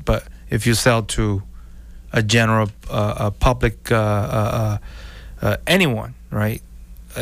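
A man's voice: medium pitch, gravelly. A man, a car dealer, talking casually to viewers, rambling with restarts and acting out what people say. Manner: rambling, repeats and restarts, acts out quotes.

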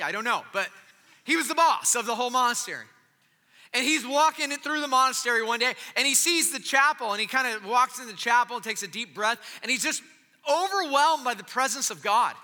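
A man with a very high, piercingly bright voice delivers a sermon that rings through a large hall with a long reverb tail. He talks casually, cracks jokes and drops into hushed, intimate asides between louder stretches of storytelling. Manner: swings from loud storytelling to quiet, intimate asides; casual, joking delivery with slang and restarts. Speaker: pastor.

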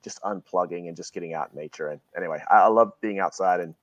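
A man's voice: low-pitched, fast talker, no room sound, lo-fi sound. A middle-aged man from Virginia, a guest talking earnestly and reflectively in a casual interview, often restarting his phrases. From Virginia, USA.

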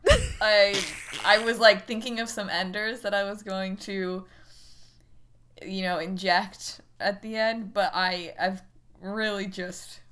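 A woman's voice: medium pitch, steady tone, slow pace, a bit bright. A young woman co-hosting a podcast, chatting playfully with laughter and swearing. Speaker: podcast co-host. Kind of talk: casual chat.

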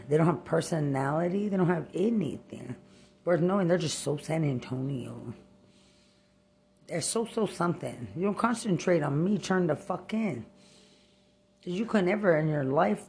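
A woman rants into the camera in a low voice, swearing hard and leaping between half-finished thoughts. She talks slowly and heavily, her anger showing in every line. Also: darkish tone. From Texas. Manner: angry, cursing, jumping between thoughts. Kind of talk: profane rambling rant to camera.

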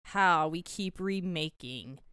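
A woman's voice: lowish voice, slow pace, pushed and bright, clean tone, no echo, clean studio sound. A woman co-hosting a casual movie review podcast, wry and skeptical, with blunt commentary. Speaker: podcast co-host.

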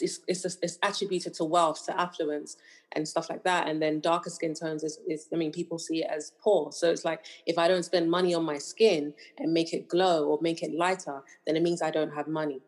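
A woman's voice: low voice, level tone, moderate pace. A woman with a British accent touched by Nigerian speech, talking things through on a casual podcast with many fillers. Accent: British with Nigerian influence. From United Kingdom. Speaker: podcast co-host. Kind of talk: casual chat.

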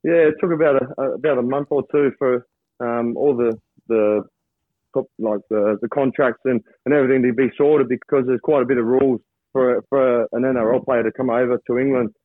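An Australian man, a rugby league player, chatting as a guest over a call, halting with many restarts. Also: medium pitch, steady tone, no room sound. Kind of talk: casual interview over a call. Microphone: phone or video call from abroad. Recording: thin phone line, dry.

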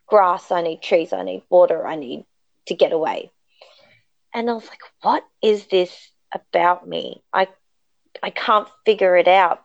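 A woman's voice: mid-range voice, darkish tone, no room sound. Woman, podcast guest, candid storytelling, emphatic and reflective, dry and slightly muffled recording.

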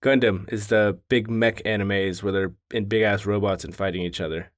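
A man in his thirties with a lowish voice, chatting loosely and swearing freely as he tells sarcastic stories. The sound is dry and close, with little room around it. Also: fairly even intonation, normal speed, no echo. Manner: profane, sarcastic storytelling. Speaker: podcast co-host. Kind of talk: casual chat.

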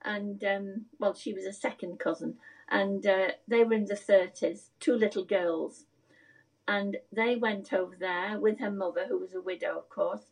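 A woman's voice: medium pitch, breathy edge, poor audio. An older woman reminiscing in a casual conversation, telling a rambling family story and searching for words.

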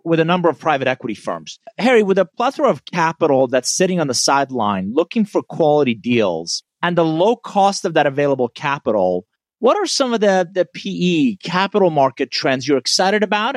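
A man hosting a podcast as a leadership coach, asking questions in a measured, admiring way and addressing his listeners. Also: fairly high pitch, dry recording, clean studio sound.

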